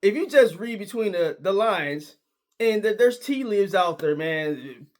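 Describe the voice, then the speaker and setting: Emphatic high-voiced man ranting about football. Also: animated, unhurried. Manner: emphatic, repetitive, slangy, argumentative. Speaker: sports commentator. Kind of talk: casual sports opinion monologue.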